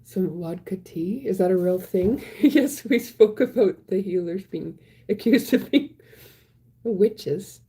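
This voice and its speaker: A woman casually chatting on a live stream, reading viewer comments aloud in a soft voice that often drops to a whisper. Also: medium pitch, animated, slow, breathy edge.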